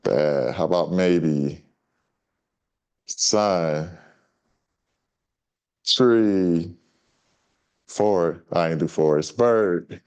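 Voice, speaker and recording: A man reading a children's story and teaching signs to an audience in a relaxed, chatty way. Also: low-pitched, extremely slow, long pauses, clean tone. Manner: relaxed, chatty teaching talk with many fillers. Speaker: guest sign language teacher.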